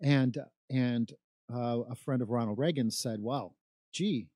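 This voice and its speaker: Speaking at a measured pace in a warm, medium-pitched voice, this middle-aged South Side Chicago commentator gives an emphatic political monologue. He leans on repetition and rhetorical questions, captured in a clean, dry studio recording.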